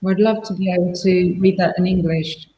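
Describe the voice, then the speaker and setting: A woman's voice: fairly low pitch, steady tone, normal speed, mellow, reverberant. A woman moderating an online panel discussion, introducing guests in a friendly way. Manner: friendly, apologetic about her French pronunciation.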